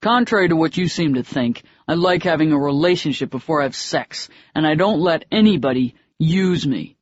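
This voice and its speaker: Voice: medium pitch, animated, normal speed, no echo, lightly acted. An audiobook narrator voicing an angry, blunt young man who speaks in clipped, hard phrases. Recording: dry, slightly dull audiobook recording.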